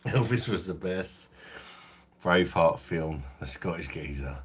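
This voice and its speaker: A man's voice: sits low, lively intonation, measured pace, husky. A man hosting a beer channel, chatting casually and swearing on a live stream from his phone at home, laughing often.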